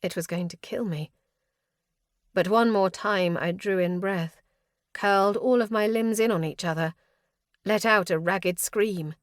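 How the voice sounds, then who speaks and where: A woman's voice: mid-range voice, measured pace, long pauses, dry recording, clean studio sound. A woman reading a first-person fantasy audiobook with a tense, dramatic delivery. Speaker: audiobook narrator.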